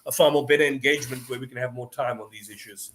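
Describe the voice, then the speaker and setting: A man's voice: mid-range voice, steady tone, quick pace, a bit bright, a little hiss or hum. A man co-hosting a live debate stream, arguing emphatically and often restarting his sentences. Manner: emphatic, argumentative, with frequent restarts. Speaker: co-host.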